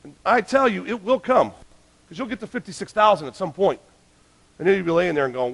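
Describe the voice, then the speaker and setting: A male pastor preaching a sermon, emphatic, swinging between loud urgent lines and hushed ones. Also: sits high, lively intonation, fairly quick, gravelly.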